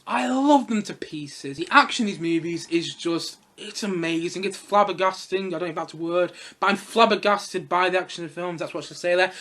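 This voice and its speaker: A young man reviewing films in a casual vlog, excitable and gushing, rambling along with bursts of laughter. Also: a little high. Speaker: film reviewer.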